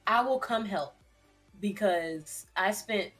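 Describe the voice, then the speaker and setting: A woman's voice: mid-range voice, slow, fairly bright tone, soft background music. A woman co-hosting a casual podcast chat, giggly and chatty, eating while she talks. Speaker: co-host.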